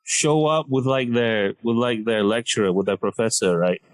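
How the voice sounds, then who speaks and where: A man's voice: lowish voice, moderate pace, poor audio. A young man from Malaysia, a comedian telling a story on a podcast and acting out the other people in it. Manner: animated, acts out voices of doctors and nurses. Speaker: comedian guest.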